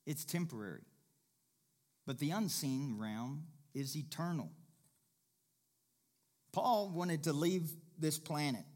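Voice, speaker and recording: Pastor guy preaching, folksy and chatty, keeps repeating stuff then gets loud and fired up. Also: fairly high pitch, lively intonation, takes it slowly, pauses often. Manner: preaching with rising emphatic bursts and repetition; folksy, jokes with the congregation and laughs. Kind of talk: sermon.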